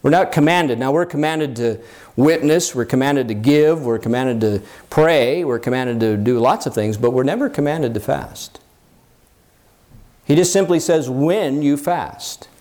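A man's voice: a little slow, darkish tone. A man preaching a sermon in an earnest teaching tone, with fillers and restarts, lifting his voice when he quotes scripture. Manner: rises in pitch when quoting scripture. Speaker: pastor.

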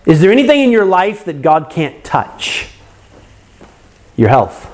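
A man's voice: sits high, big pitch swings, measured pace, darkish tone. A man preaching a sermon, earnest, asking the congregation rhetorical questions and acting out their complaints.

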